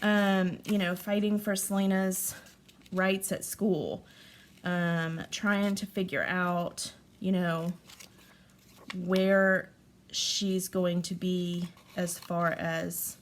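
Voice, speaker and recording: A woman's voice: lowish voice, steady tone, very slow, a little hiss or hum. A woman in her forties chatting candidly to her viewers while crafting, talking through a hard stretch with many fillers. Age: 40s. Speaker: vlogger, stay-at-home mother. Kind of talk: casual chat to camera while crafting.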